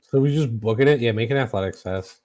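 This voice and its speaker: A man running a tabletop game as game master, talking with many pauses and fillers. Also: medium pitch, mellow.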